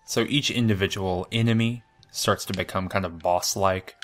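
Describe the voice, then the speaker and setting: A man's voice: low-pitched, moderate pace. A man commentating his own video game playthrough, thinking aloud and cheerfully mocking his own play. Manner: excitable, self-deprecating, thinks aloud.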